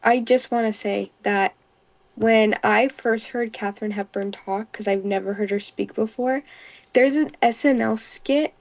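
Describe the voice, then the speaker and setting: Woman co-host, higher voice with lots of vocal fry, chatty. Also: fairly even intonation, unhurried. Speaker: podcast co-host. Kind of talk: casual chat.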